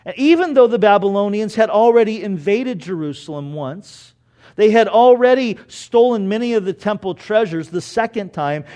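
A man preaching a sermon, telling the story in an animated way that rises loud for emphasis and drops low and quiet.

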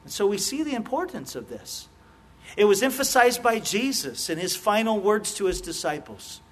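High-voiced man preaching a sermon. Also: big pitch swings, moderate pace. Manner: earnest preaching, stammering repetitions and restarts. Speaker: pastor.

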